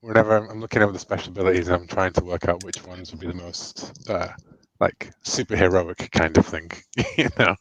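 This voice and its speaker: Deep-voiced man musing over his game character. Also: steady tone, fairly quick, no echo, low-quality recording. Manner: playful, musing aloud. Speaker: player. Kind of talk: casual chat at a tabletop game.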